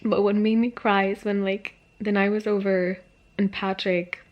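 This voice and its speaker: A woman in her early twenties, tearful after crying, talking haltingly to her camera about a book in an emotional reading vlog. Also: mid-range voice, level tone, muffled recording. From Sweden. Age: early 20s. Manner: emotional, halting, many fillers and sighs. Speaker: book vlogger. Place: alone at home talking to camera.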